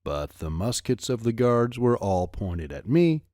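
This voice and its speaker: A man narrating a first-person adventure audiobook with expressive storytelling. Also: on the low side, measured pace, no echo, studio quality.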